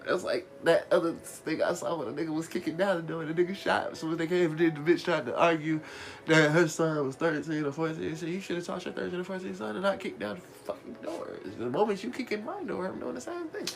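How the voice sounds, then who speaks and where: A man hosting a live radio show, telling stories in a profane, animated way and laughing as he goes. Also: on the high side, brisk, creaky. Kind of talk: casual storytelling rant.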